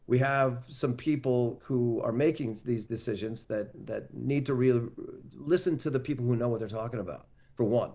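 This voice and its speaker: Confident opinionated man, mid-pitched. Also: normal speed, hardly any pauses, warm tone. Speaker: guest, sports pundit. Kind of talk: interview answer.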